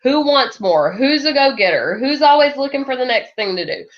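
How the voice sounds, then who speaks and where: A woman gives a lively motivational talk to her sales team. She laughs often and acts out the people she quotes. Her voice sits a little high, and the recording sounds dull and lo-fi. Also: normal speed.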